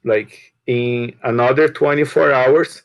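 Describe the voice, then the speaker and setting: A balloon shop owner and guest, telling a casual story in halting with grammar and repeated words. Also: male voice, mid-range voice, steady tone, no echo, low-quality recording. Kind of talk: casual storytelling on a live show.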